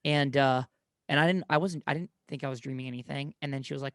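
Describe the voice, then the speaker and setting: A man's voice: medium pitch, steady tone, quick pace, a bit bright, dry recording, clean studio sound. A young man telling rambling personal stories in casual conversation, often correcting himself mid-sentence. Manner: rambling storyteller, many self-corrections.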